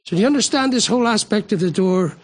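A man with a notably high voice delivers a sermon. He speaks earnestly and with emphasis, often doubling words as he drives a point home. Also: expressive, fast. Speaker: preacher.

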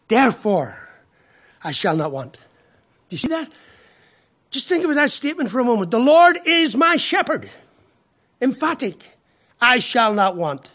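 A man's voice: high voice, a bit bright. A middle-aged man preaching a sermon as pastor, emphatic and given to stammered restarts.

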